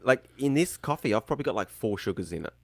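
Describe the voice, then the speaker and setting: A man's voice: mid-range voice, expressive, fast, a little mellow, no echo. A man from Australia with a broad Australian accent, a guest on a podcast, chatting casually in a laid-back, joking way. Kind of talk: casual chat.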